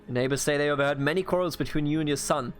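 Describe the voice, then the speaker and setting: A man's voice: a little high, rapid-fire, soft background music, lightly acted. A man voicing a stern revolutionary court judge, reading curt, accusing questions from a video game.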